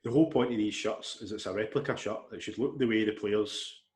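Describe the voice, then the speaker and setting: Young Scottish male co-host; rapid, low-pitched, blunt and sweary. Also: a crowd in the background. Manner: fast, blunt, swears casually. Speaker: podcast co-host. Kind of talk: casual chat.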